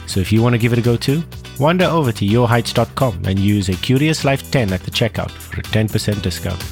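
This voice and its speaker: A man's voice: lowish voice, expressive, vocal fry, soft background music. Conversational male podcast host. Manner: conversational, asks quick follow-ups. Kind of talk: interview questions and sponsor read.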